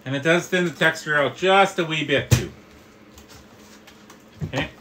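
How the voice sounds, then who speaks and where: A man's voice: a little high, measured pace, noisy background. A middle-aged man hosting a live cooking tutorial, explaining each step in a friendly way and calling his viewers guys. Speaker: barbecue instructor and host.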